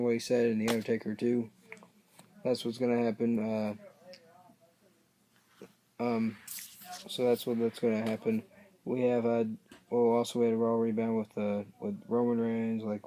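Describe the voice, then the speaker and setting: A man's voice: lowish voice, dark tone. A man casually recapping a show, rambling and hesitant, often losing his place mid-sentence. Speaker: wrestling reaction vlogger.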